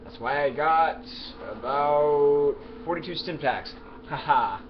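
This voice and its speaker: A man casually commenting on his own game play, swearing and yelling at the game's characters, then mumbling as he loots. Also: on the high side, slow. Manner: mumbling asides while looting. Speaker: gamer. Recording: dull lo-fi mic with clear background noise.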